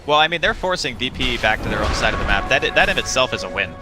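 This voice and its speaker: A man giving casual, quick analysis as the color commentator on a video game match. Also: medium pitch, very animated, music in the background. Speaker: esports analyst.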